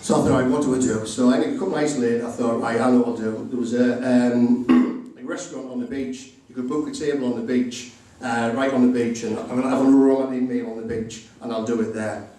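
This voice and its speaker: In a warm, steady, mid-range voice, the middle-aged groom moves quickly through his comic wedding speech with few pauses, voicing both people in each conversation. The distant recording picks up a very echoey indoor reception hall.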